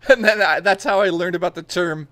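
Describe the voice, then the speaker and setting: Young man, crude animated storyteller, bright tone, dry recording. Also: high voice, a little fast, dry recording. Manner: crude, animated storytelling with lots of swearing and laughter. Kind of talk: casual chat.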